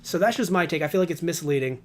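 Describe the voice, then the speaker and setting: A man's voice: a little high, lively intonation, fast talker, slight background noise. A man co-hosting a casual podcast, rambling and ranting with heavy swearing. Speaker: podcast co-host.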